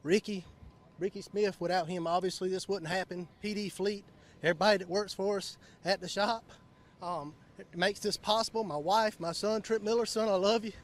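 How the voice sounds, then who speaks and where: A young man with a high voice speaks haltingly in a winner's interview. He sounds choked up, fighting back tears as he thanks his team and family. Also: fairly even intonation. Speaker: drag racer in winner's interview. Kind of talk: emotional trackside interview.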